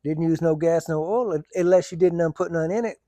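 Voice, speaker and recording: A man's voice: on the high side, fairly quick, mellow, no room sound, close to an everyday voice. A man voicing a jolly old Cajun fisherman with a Cajun accent, talking in an easygoing, playful drawl. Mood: cheerful.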